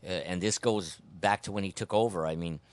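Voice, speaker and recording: A man with a very low, deep voice gives blunt, opinionated takes in a casual podcast chat. He often restarts mid-sentence. The sound is dry and close, with no room behind it. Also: a little fast, no room sound. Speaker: podcast host. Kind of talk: casual sports and politics chat.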